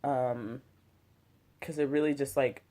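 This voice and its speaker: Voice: medium pitch, steady tone, slow pace, warm tone. A host reviewing a TV episode in casual chat, loose and slangy, full of "like" and "you know" and some swearing, with a drink and a smoke at home. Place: home, smoking and drinking while talking.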